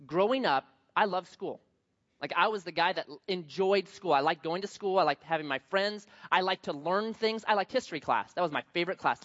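A middle-aged male pastor preaching a sermon, telling stories with lively acted-out quotes. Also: high voice, dull audio. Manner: animated storytelling with acted quotes.

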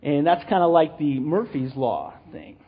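A middle-aged man giving a rambling, animated church teaching, full of restarts and asides. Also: a little high, a little slow, breathy edge, phone-quality sound. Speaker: lay teacher.

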